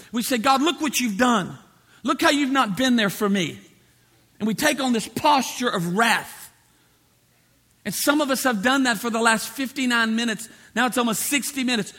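Preaching a sermon, this male pastor has a very high voice that sounds pushed and bright. He stresses his points with emphatic repetition and performs the voices of those he quotes.

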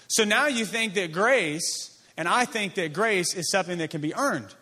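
High-voiced man preaching with emphasis. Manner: emphatic, repetitive preaching cadence; drops to a soft, slow voice on key lines. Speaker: pastor. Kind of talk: sermon.

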